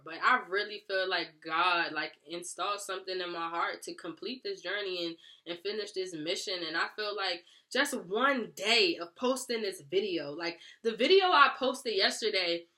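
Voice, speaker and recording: Earnest young woman vlogging, bright voice. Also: mid-range voice, moderate pace, hardly any pauses. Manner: earnest, heartfelt, peppered with "like" and "y'all". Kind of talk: casual confessional vlog.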